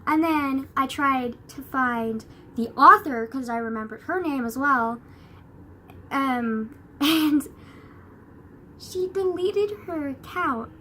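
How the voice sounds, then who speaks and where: A woman's voice: sits high, slow, sharp tone, slight background noise. A young woman vlogging in a rambling, casual way, full of "like" and swearing. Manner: rambling, filler-heavy, swears a lot. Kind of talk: casual chat.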